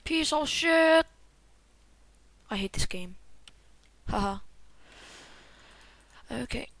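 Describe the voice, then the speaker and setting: A woman's voice: sits high, animated, drawn-out words, fairly bright tone, no room sound. A woman hosting a gaming video, cursing and repeating herself frantically, often dropping to a mutter. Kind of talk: gameplay commentary.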